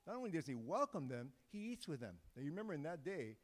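Casual preacher in a reverberant church. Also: male voice, on the high side, sing-song, fast talker. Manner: informal, joking, conversational with restarts. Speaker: guest preacher. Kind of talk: sermon. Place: church sanctuary. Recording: long hall reverb.

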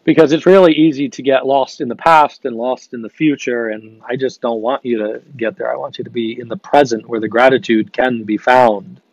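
A man's voice: mid-range voice, moderate pace, few pauses, no room sound. Young man, upbeat motivational host, dry close sound, slightly dull audio. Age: young adult. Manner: energetic, upbeat, coaching, repeats phrases for emphasis. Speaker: host of a live gratitude show. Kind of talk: motivational live-stream talk reading viewer comments.

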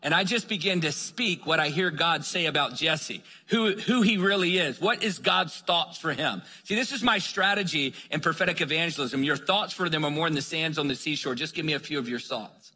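A bright, forceful male preacher tells his story with animated energy, jumping into the voices of the people in it. His slightly husky voice rings out with a long reverb, as in a large hall. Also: fairly high pitch, moderate pace, hardly any pauses. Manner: animated storyteller acting out dialogue. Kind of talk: sermon storytelling.

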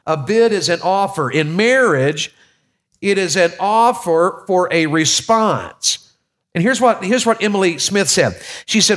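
A man's voice: a little high, animated, unhurried, fairly bright tone. A man from Tennessee preaching a sermon in a church, folksy and joking with the congregation, often repeating his words. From Tennessee, USA.

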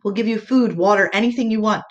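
A woman voicing a frightened boy who begs loudly for his family's safety. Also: mid-range voice, highs cut off, voice pushed up, natural voice. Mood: pleading. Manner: pleading loudly and fast.

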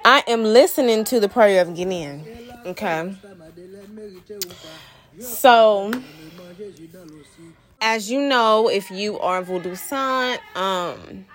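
A woman's voice: medium pitch, slow pace, pauses often. A young woman talking loosely and casually to her followers, using lots of slang and fillers, slightly out of breath. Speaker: Vodou practitioner and spiritual mentor. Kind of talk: casual vlog talk to viewers.

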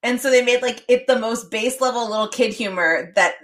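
A woman's voice: a little high, a little fast, fairly bright tone. A young woman co-hosting a casual chat about a TV episode, amused and laughing through her points. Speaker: podcast co-host.

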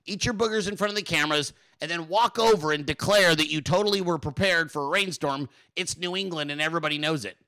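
A podcast host ranting through political commentary in a profane, mocking and sarcastic way. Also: male voice, on the high side, fast, hardly any pauses, pushed and bright.

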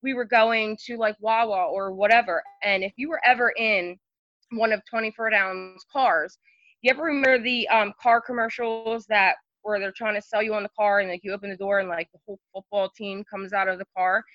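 Woman rambling stories on a podcast, lots of um and like, bright tense voice, dry dull sound. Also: mid-range voice, steady tone, brisk, dry recording. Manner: chatty, many fillers like "um" and "like". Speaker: podcast guest. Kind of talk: casual storytelling.

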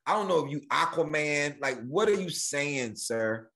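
A man from Houston, a comedian guest telling stories in lively chat and slipping into mock voices. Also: moderate pace. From Houston, Texas. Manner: lively, mimics other voices, big pitch swings. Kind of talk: animated storytelling chat.

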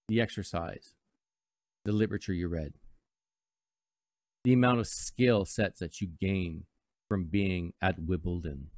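In a dry studio recording, a radio host with a low, slightly bright voice talks live on air. His manner is casual and rambling as he shares reflective stories, spiced with playful mock voices.

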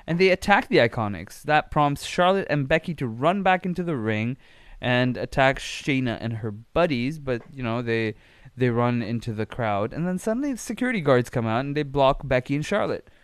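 A man's voice: mid-range voice, lively intonation, normal speed, smooth, no echo. A young man hosting a wrestling podcast on his own, talking bluntly and casually with plenty of swearing and mock-quoted reactions. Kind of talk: casual solo podcast recap.

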